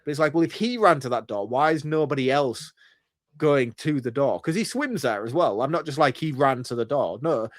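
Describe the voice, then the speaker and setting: A man's voice: medium pitch, animated, brisk, no room sound, studio quality. Chatty man picking apart a film. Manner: chatty, picks at plot holes, laughs often. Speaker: podcast co-host. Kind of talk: casual film review chat.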